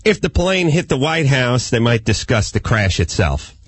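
Husky, animated man ranting. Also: normal speed, no room sound. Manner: animated ranting, mimics people in high yelps. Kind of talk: casual comedic talk.

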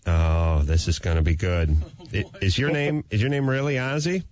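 A male radio host telling comic stories in an animated way, slipping into voices. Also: lowish voice, moderate pace, no room sound, dull audio. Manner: animated storyteller who slips into voices. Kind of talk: comedic radio talk.

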